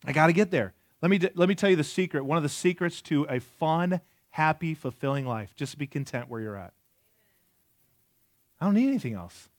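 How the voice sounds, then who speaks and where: A man's voice: fairly high pitch, a little fast, no room sound, clean studio sound. Conversational man in his forties preaching. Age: 40s. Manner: conversational, asks the audience questions, jokes. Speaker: pastor. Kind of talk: sermon.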